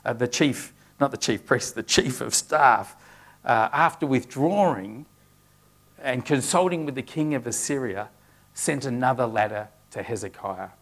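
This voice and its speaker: A man's voice: mid-range voice, animated, unhurried. A man preaching a sermon, earnest, with frequent restarts as he works through a scripture passage.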